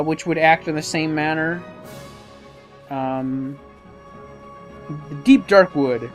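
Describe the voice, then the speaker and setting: A YouTuber giving casual, rambling commentary over a game playthrough, talking to himself about where to go. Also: medium pitch. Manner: rambling, self-talking, hesitant fillers. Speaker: let's-play commentator.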